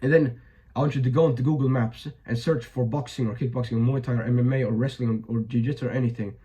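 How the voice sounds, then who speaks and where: A man's voice: mid-range voice, steady tone, fast talker, dark tone, low-quality recording. A young man giving blunt, profane advice in a casual monologue, full of fillers and restarts, his voice a bit strained. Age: young adult. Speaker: vlogger.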